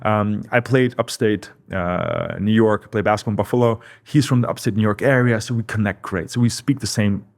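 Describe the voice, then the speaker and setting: A man's voice: on the low side, moderate pace, hardly any pauses. A man, a company founder, telling his story in a casual interview. He reflects as he goes and repeats words for emphasis. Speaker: company founder, podcast guest.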